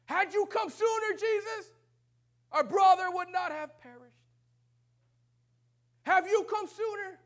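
A man preacher voicing Martha, a grieving woman who reproaches Jesus in a slow, pleading tone. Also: very high-pitched, pitched above the performer's own voice. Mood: reproachful.

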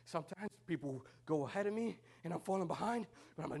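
Impassioned preacher, whispering to shouting. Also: male voice, on the high side, animated, fast, creaky, few pauses, breathy edge. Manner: impassioned, swings from hushed whispers to loud shouts; conversational asides and humor. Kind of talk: sermon.

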